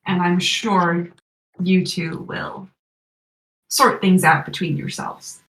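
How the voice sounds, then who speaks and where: A woman voicing a scheming male villain who experiments on people, speaking in a calm, patronizing way with a slightly hoarse throat. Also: on the low side, slow, reverberant, distant mic, low-quality recording. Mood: calm menace. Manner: calm, patronizing, quietly menacing.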